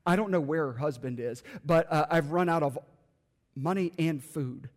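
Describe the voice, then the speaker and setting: A poor old grandmother faltering through her confession, as a male preacher puts her on, her voice pitched a little above his own. She stammers and restarts as she pleads. The words ring out with the long reverb of a big hall. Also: moderate pace, lightly acted. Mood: pleading. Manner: hesitant, stammering pleas. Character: poor elderly grandmother on trial, humble.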